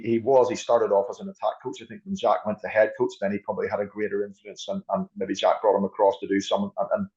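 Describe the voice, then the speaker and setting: Muffled low-voiced rugby coach. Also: male voice, a little mellow. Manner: thoughtful, often restarts and repeats words. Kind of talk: podcast discussion.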